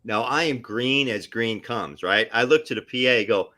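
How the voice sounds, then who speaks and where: A middle-aged actor spins stories in a lively, animated way, ducking into little voices for the people in them. His voice is bright and forceful. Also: mid-range voice, normal speed. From New Jersey area. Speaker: actor guest. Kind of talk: casual storytelling on a live stream.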